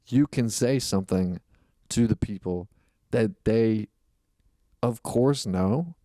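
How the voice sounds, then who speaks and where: A man's voice: fairly low pitch, slow, warm tone, no room sound, studio quality. A man, a comedian guest on a podcast, telling stories in a rambling, reflective way with lots of fillers. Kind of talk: casual podcast chat.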